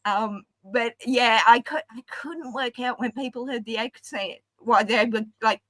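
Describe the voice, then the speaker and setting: A woman's voice: a little high, measured pace, hardly any pauses, a bit bright, no echo, low-quality recording. A woman with an Australian accent, chatting casually and rambling with frequent laughs. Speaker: panel guest. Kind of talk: casual chat.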